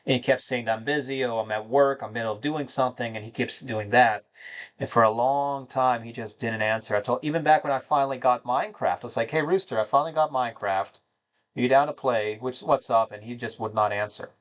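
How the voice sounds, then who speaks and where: A man's voice: mid-range voice, a little fast. A man hosting a gaming channel, talking to his viewers in a rambling, somber and disappointed way, with many fillers and restarts. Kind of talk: casual monologue to viewers.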